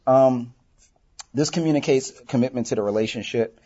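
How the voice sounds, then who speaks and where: A man's voice: mid-range voice, normal speed, mellow, slightly rough. Conversational male workshop leader, lo-fi. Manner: conversational, full of "you know", acts out quoted lines. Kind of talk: casual teaching talk. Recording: dull lo-fi recording.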